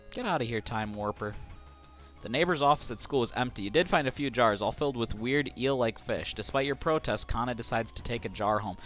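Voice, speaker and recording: A man's voice: mid-range voice, fairly quick, a bit bright, soft background music. A man streaming a video game live, reading the on-screen text aloud between casual asides to his viewers. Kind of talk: live gameplay commentary.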